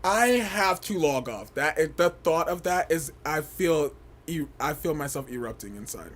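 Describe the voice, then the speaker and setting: High, lively young man gossiping on a livestream. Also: moderate pace. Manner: animated, gossipy, bursts into shrieks and laughter. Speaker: livestream host. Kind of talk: casual livestream chat.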